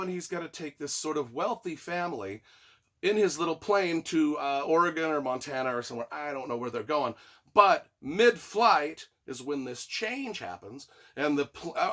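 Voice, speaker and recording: A man's voice: fairly high pitch, pushed and bright. A man giving a casual spoken book review, rambling and profane with sarcastic asides.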